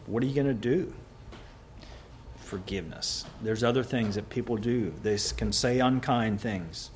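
A man preaching a sermon, rising to loud emphatic peaks and dropping to quiet, soft passages. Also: medium pitch, normal speed, slight background noise.

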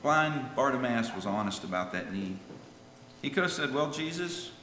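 A man preaching a sermon, swinging from loud calls to hushed lines, and reading scripture in old-fashioned wording. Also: medium pitch, expressive, moderate pace, slight background noise. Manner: reads scripture in King James wording. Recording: echoey hall with long reverb.

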